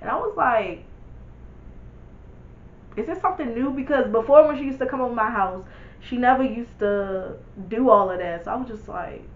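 A woman's voice: a little high, a little fast, echoey room, phone-quality sound. A young woman vlogger telling a casual storytime, candid and blunt, swearing freely and talking to her viewers.

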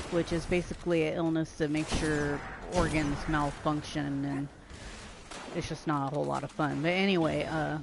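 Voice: medium pitch, creaky, noisy background. A game streamer who is unwell, lying down and chatting casually while playing, rambling and stumbling over words. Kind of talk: casual live-stream commentary. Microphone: headset or desk mic, no camera.

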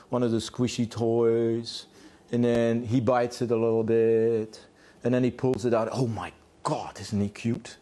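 A man teaching dog owners in a blunt, animated way, swearing freely and checking in with "yeah?". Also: mid-range voice. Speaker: dog trainer. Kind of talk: informal teaching talk.

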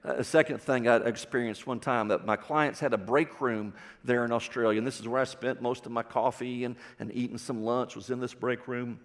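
A man's voice: medium pitch, steady tone, a little fast, hardly any pauses, big-room sound. A man with a Texan accent preaching a sermon, telling stories in a folksy way and putting questions to the congregation. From Texas. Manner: folksy storytelling with audience questions. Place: church sanctuary.

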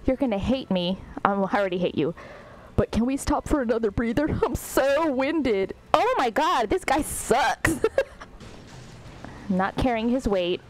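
A woman's voice: on the high side, lively intonation, unhurried, slight background noise, poor audio. A woman streaming a video game, commenting sarcastically and laughing as she talks back to the characters. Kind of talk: live gameplay commentary.

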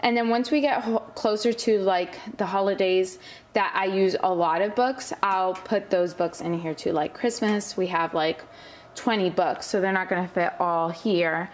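A woman's voice: mid-range voice, normal speed, a little hiss or hum. A young woman giving a casual tour of her home homeschool room, chatty and full of fillers, a little out of breath. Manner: chatty, filler-heavy, enthusiastic about products. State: slightly out of breath. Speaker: homeschooling mom vlogger.

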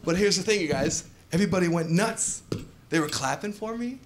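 Man, stand-up comic, high lively voice, playful crowd asides, echoey club, audience noise. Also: fairly quick. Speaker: stand-up comedian. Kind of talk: stand-up comedy set. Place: comedy club stage before a live audience.

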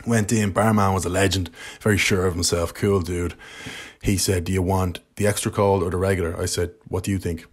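A man's voice: deep voice, breathy edge. A young Irish man chatting casually to camera in a pub, rambling, joking and swearing. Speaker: pub-reviewing vlogger. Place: indoor pub. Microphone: camera mic.

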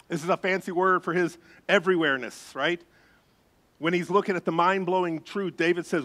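Male pastor, slightly raised pitch, animated sermon storyteller who drops to a hush for suspense. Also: brisk.

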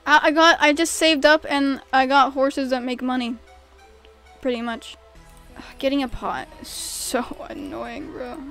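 A young woman streaming a game, chatting casually with her viewers and reacting loudly, from mumbles to shrieks. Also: high-pitched, a little slow, faint music behind. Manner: expressive, swings between mumbling and shrieking in frustration; reads chat questions aloud and answers. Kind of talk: casual gameplay commentary to chat.

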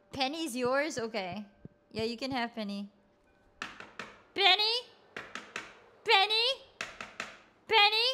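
A woman streamer chatting casually with viewers while she plays, swearing freely. Her voice jumps high when she gets angry. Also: slight background noise. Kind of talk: casual gameplay commentary.

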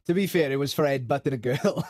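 A man's voice: a little high, breathy edge, no room sound, clean studio sound. A man, telling crude school stories in a casual podcast chat, laughing and swearing as he goes. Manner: swearing, laughing, self-mocking anecdotes. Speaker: podcast co-host.

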